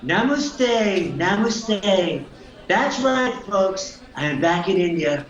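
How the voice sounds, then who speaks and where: Un hombre imitando a un presidente estadounidense mayor y fanfarrón, que repite y alarga las frases con una voz aguda. Suena en una sala con eco y con un audio apagado, de baja calidad. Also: male voice, sits high, animated, roomy sound, dull audio. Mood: boastful. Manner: bragging, repetitive, drawn-out delivery. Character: brash boastful older male president.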